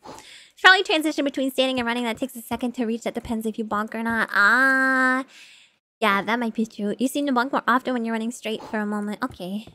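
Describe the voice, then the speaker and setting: A woman streaming a video game in casual chat, excitable and giggly, talking freely with her viewers. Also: a little high, a little fast.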